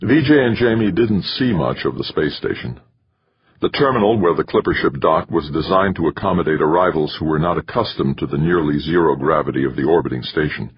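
A man narrating an audiobook in a steady, measured reading. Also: extremely low pitch, slightly rough. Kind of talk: scripted narration. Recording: dull lo-fi recording.

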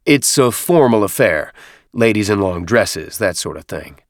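A man voicing a commanding military captain who shouts on the parade ground but stays friendly and relaxed in conversation. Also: measured pace, no echo, studio quality. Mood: easygoing. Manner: booming parade-ground calls, easy officer's banter.

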